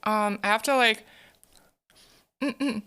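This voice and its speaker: A woman's voice: a little high, takes it slowly, pushed and bright, clear, resonant tone. A woman streamer chatting casually with her viewers, giggling often and repeating words as she thinks. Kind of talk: casual live-stream chat.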